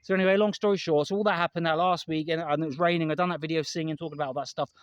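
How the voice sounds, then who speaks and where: A man's voice: on the high side, fairly even intonation, racing, clean tone, dry recording, lo-fi sound. An English man vlogging outdoors in a park, rambling and emphatic, repeating himself and swearing now and then. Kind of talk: candid vlog monologue.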